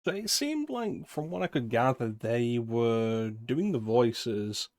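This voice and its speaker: A man streaming a game, giving relaxed, musing casual commentary. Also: medium pitch, slow pace, dry recording, clean studio sound.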